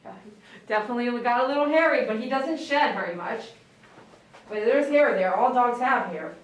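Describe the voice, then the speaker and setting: A woman dog groomer on a live stream, speaking softly and tenderly to a dog while tearful. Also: fairly high pitch, moderate pace. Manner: soft-spoken, tender talk to a dog. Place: grooming shop. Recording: very echoey room, mic far off, faint noise.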